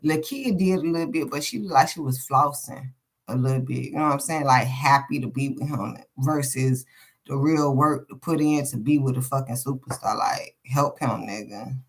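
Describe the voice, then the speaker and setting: A woman's voice: extremely low pitch, normal speed. A woman giving a casual live tarot reading, talking frankly and rambling, cursing freely, with short laughs between thoughts. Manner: profane, candid and rambling, thinking aloud. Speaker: tarot card reader.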